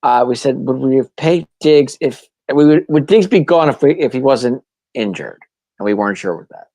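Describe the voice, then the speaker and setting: A man's voice: medium pitch, lively intonation, moderate pace, mellow, dry recording. A man co-hosting a casual sports talk show, easygoing, chiming in with short agreements. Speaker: podcast co-host.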